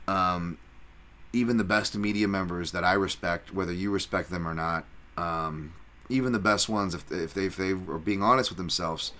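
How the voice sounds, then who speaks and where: A man hosts a fight podcast, picking apart matchups in loose, rambling talk full of swearing. He drops in self-mocking asides as he goes. His voice sits on the lower side but sounds bright and forceful. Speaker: podcast host and fight analyst. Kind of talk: casual fight breakdown chat.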